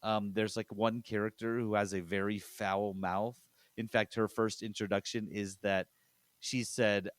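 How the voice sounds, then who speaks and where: A man's voice: on the low side, measured pace, no echo. A man hosting a podcast in casual chat, chatty and laughing as he retells scenes. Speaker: podcast host.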